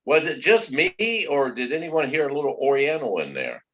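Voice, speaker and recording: A man's voice: a little high, sing-song, moderate pace, fairly bright tone, highs cut off. A man rambling and joking as a guest in a casual live-stream chat, teasing the host.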